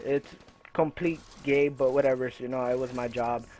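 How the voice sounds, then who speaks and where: A man's voice: mid-range voice, fairly even intonation, moderate pace, a little mellow, slight background noise. A young man telling a rambling, profane personal story in a casual way over gameplay, full of fillers. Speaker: gaming video creator.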